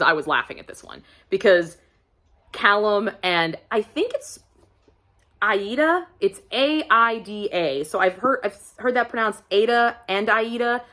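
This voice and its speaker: A woman's voice: fairly low pitch, pushed and bright. Gushing, chatty woman book vlogger. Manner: gushing, chatty, laughs often. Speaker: book reviewer. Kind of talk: casual book review vlog.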